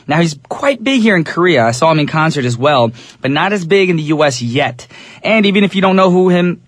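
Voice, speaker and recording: A young man hosting a radio show in a studio, chatting casually and talking straight to his listeners, his voice a little raspy. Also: fairly high pitch, no echo. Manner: easygoing, chatty, addresses listeners directly. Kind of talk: English-language radio DJ chat.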